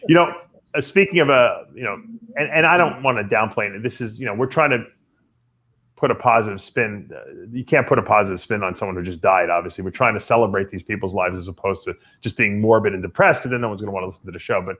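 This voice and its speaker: Rambling, animated male podcast host. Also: fairly low pitch, quick pace. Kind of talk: casual radio show chat.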